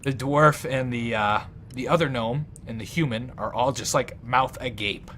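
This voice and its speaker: A man's voice: mid-range voice, moderate pace, fairly bright tone, a little hiss or hum. A man narrating as dungeon master in a casual, filler-heavy way. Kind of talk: narrating a tabletop game.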